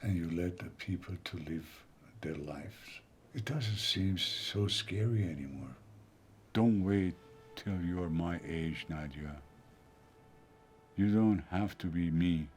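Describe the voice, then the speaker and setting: A man playing a gentle old father. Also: low-pitched, slight background noise. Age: older. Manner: soft, slow, reassuring.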